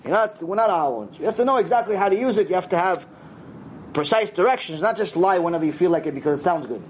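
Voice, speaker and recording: Male rabbi, high voice, lively lecture, acts out dialogue, faint hiss. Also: quick pace. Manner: animated storytelling, acts out dialogue, sprinkles Hebrew words. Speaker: rabbi teaching a Torah class.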